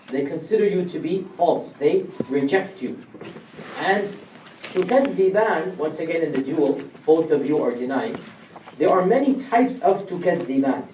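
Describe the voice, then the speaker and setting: A man with a slightly high, mellow voice delivers a classroom lecture on Quranic commentary. He breaks it down step by step and questions his listeners. There's slight background noise, and the roomy, distant recording has faint ambience.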